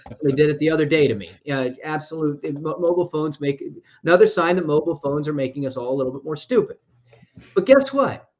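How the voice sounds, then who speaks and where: A man's voice: fairly high pitch, darkish tone. A man co-hosting a finance podcast, talking in a rambling, conversational way and correcting himself as he goes. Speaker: podcast co-host. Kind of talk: casual podcast chat about money. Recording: dull lo-fi podcast audio.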